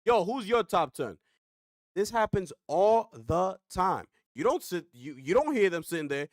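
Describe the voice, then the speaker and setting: A man's voice: high-pitched, very animated, a little slow, no echo, studio quality. A man reacting to a clip on a gaming stream, ranting with rhetorical questions and slang.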